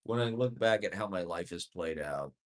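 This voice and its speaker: A man's voice: low voice, animated, normal speed. A man rambling through a profane, self-deprecating comedic monologue with sardonic chuckles. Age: adult.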